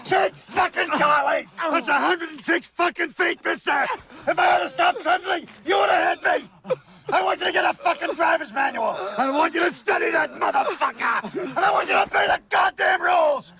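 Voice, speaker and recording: A man's voice: extremely high pitch, normal speed, a faint crowd, exaggerated voice. An actor playing a furious man screaming a profane tirade at a tailgating driver in a film scene. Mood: enraged. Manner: explosive profane shouting tirade.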